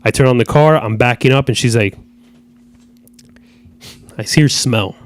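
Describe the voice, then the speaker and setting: A man's voice: mid-range voice, moderate pace. A man hosting a podcast, telling a story in casual chat, rambling and repeating himself, with some swearing. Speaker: podcast host. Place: podcast studio.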